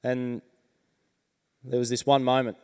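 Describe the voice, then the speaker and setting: An Australian motivational speaker gives an on-stage keynote, telling his story slowly and earnestly with deliberate pauses in a smooth, resonant, mid-range voice that's level and a little mellow. His stage microphone carries into a large event hall with long reverb.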